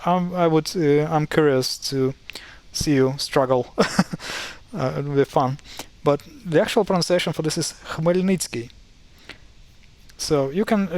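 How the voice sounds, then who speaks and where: Man, young adult, casual tutorial, wry, exasperated, halting with fillers, slightly high voice. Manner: wry, mildly exasperated, many fillers and restarts. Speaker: language explainer. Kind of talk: casual screen-share tutorial.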